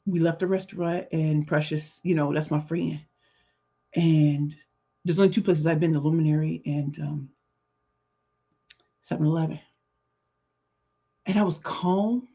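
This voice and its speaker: A middle-aged woman hosting her podcast, telling a story in an animated, conversational way with emphatic repetitions. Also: deep voice, unhurried, long pauses, slightly rough. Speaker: podcast host and business speaker. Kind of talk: storytelling monologue. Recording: dull lo-fi sound.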